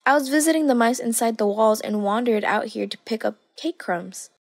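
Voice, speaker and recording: A woman voicing a frightened little mother mouse in a storybook reading, soft and pleading. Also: a little high, moderate pace, no room sound, studio quality.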